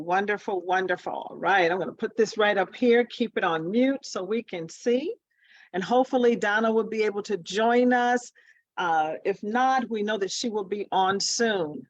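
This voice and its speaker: A woman's voice: mid-range voice, no echo, lo-fi sound. Woman hosting an online meeting, dry sound. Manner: welcoming, unhurried, slightly halting. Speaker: host.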